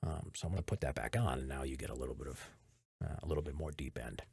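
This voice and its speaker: A man's voice: rumbling low, fast, creaky, husky, dry recording. An American man, a voiceover artist, casually explaining his audio setup in a home recording room into a studio microphone, rambling and correcting himself as he goes. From United States. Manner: rambling, self-correcting, relaxed tech talk. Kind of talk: casual behind-the-scenes explanation.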